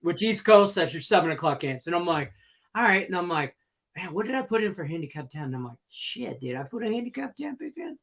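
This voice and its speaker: A man's voice: sits high, expressive, a little fast, vocal fry, fairly bright tone. A man co-hosting a sports betting chat, telling a rambling story with casual swearing. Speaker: co-host.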